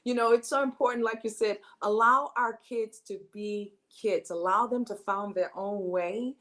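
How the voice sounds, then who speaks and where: A woman's voice: fairly high pitch, fairly even intonation, moderate pace, fairly bright tone. A woman hosting a talk show, affirming and encouraging, who stresses her points emphatically. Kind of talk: casual talk-show chat.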